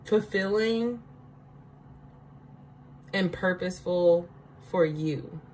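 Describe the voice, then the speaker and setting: Woman, low deep voice, casual spiritual card reading, chatty, laughs a lot. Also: extremely slow, a little mellow, slight background noise, low-quality recording. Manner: chatty, laughs often, checks in with "right?".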